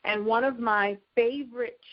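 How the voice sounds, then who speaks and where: A woman in her fifties giving a motivational keynote talk, telling stories with lively acted-out bits. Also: a little high, normal speed, dull audio. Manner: animated storytelling, acts out catchphrases. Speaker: keynote speaker.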